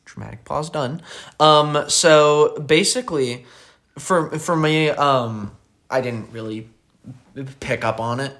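A young man co-hosting a podcast in casual chat, speaking haltingly with many ums and restarts. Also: on the high side, fairly bright tone. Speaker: podcast co-host.

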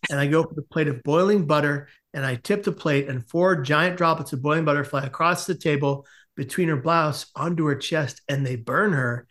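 A man with a somewhat high voice tells a comic story as a podcast guest. He is animated and acts out each person in the tale. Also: normal speed, hardly any pauses. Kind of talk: storytelling in casual conversation.

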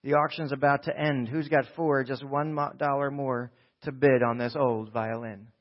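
A man's voice: mid-range voice, steady tone, moderate pace, close to an everyday voice. A man voicing a folksy male auctioneer from a storybook poem, coaxing the crowd with sales patter over a dull, lo-fi recording. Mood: hawking. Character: folksy male auctioneer hawking an old violin.

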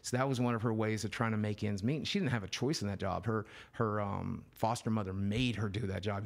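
Gravelly low-voiced man telling a story. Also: a little fast. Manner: emotional storyteller, swears freely, drops to near whispers. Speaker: guest. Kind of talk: candid interview storytelling.

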